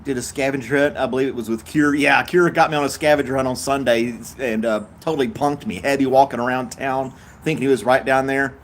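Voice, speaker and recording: An older man with a Tennessee drawl, hosting a relaxed live stream. He chats in an easygoing, unhurried way, chuckles often and reads out viewer comments. His voice sits at an ordinary middle pitch. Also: slight background noise. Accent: Southern US, Tennessee. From Tennessee, USA.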